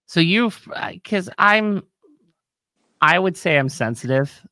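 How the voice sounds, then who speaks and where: A woman's voice: lowish voice, expressive, slow pace, bright, forceful tone. A woman hosting an interview, giving short sympathetic reactions and sharing her own experiences. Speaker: host. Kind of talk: interview chat.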